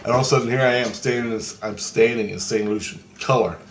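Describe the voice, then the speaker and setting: A man's voice: medium pitch, fast, a little hiss or hum. A man swearing through a strange vision story. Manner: profane, excitable storytelling that acts out quoted voices. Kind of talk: rambling first-person account of a vision.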